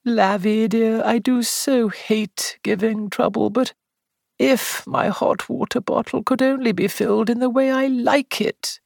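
A woman's voice: fairly high pitch, expressive, slow, gravelly, darkish tone, no room sound, clean studio sound, pitched above the performer's own voice, heavily acted. A woman reader voicing a frail, self-pitying older invalid with a thin, weak, melancholy voice. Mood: whining, melancholy.

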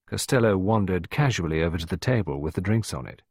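A low-pitched man reads a story aloud with lively, widely varied intonation. His voice is a little husky, and the recording is dry and close. The reading stays expressive throughout. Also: fast, hardly any pauses, no room sound. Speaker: audiobook narrator. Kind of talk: scripted storybook narration.

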